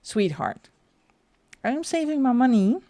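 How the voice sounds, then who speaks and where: A woman's voice: sits high, animated, measured pace, dark tone, dry recording. A middle-aged woman hosting a coloring livestream, rambling and chatty as she answers her chat and laughs often. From Netherlands. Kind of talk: casual live-stream chat.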